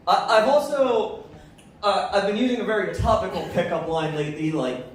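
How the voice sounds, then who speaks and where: A man performing a stand-up comedy set with a deadpan, offhand delivery. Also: high voice, normal speed, slight background noise. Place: live comedy venue. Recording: echoey hall from far off.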